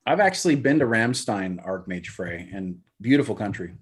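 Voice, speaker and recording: A man's voice: fairly low pitch, animated, normal speed, husky. A middle-aged man co-hosting a casual podcast, telling stories in an easygoing, dryly joking way. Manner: easygoing storyteller, dry joking. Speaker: podcast co-host. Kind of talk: casual chat.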